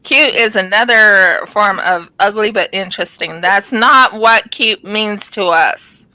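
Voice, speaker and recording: Brief: chatty woman craft vlogger, rambling and casual, bright tone, dry close sound. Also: medium pitch, measured pace, dry recording, low-quality recording. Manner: rambling, chatty, many ums and restarts. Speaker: craft channel host. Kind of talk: casual chat while diamond painting.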